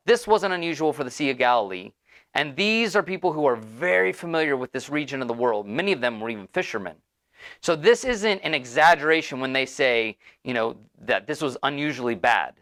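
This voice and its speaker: A man's voice: fairly high pitch, a bit bright. Conversational male pastor preaching. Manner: conversational, storytelling, with asides. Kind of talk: sermon.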